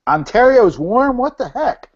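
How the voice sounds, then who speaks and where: A man with a very high, very animated but unhurried voice hosts an online meetup from home by video call. He jokes and chats casually, calling on people with loose fillers, and the audio from his video call microphone is dull and lo-fi.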